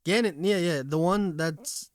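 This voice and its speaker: A man co-hosting a podcast in casual chat, excited and slangy, calling others "dude" and "bro". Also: high-pitched, a little slow, dry recording, studio quality. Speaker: podcast co-host.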